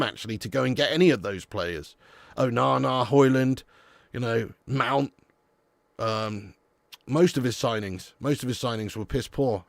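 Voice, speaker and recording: A man's voice: medium pitch, gravelly, no room sound, studio quality. A man hosting a live football fan stream, talking bluntly and casually, swearing and calling viewers "lad" and "mate". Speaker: football channel host.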